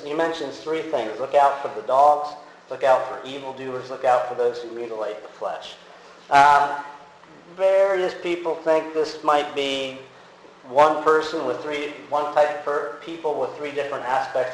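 A man's voice: mid-range voice, moderate pace. Guy preaching real casual, lots of ums and restarts, super echoey church hall, bit of background hum. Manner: conversational, many fillers and restarts. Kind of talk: casual sermon with audience quiz. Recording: very echoey hall with faint ambient noise.

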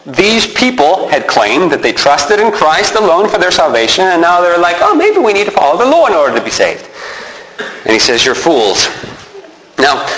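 A man preaching a sermon as pastor, animated and emphatic, often repeating himself as he stresses a point. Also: on the high side, slight background noise. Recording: echoey hall with long reverb.

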